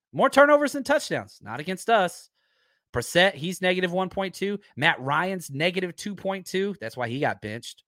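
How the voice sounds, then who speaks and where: A man's voice: a little high, a bit bright, no echo, studio quality. A man hosting a football live stream in a casual, chatty way, full of fillers and restarts as he runs through stats.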